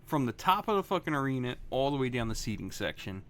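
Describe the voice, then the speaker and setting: A man's voice: medium pitch, very animated, fast, a bit bright. A man co-hosting a podcast, telling stories in a laid-back, profane way with frequent laughs. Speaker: podcast co-host. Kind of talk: casual storytelling chat.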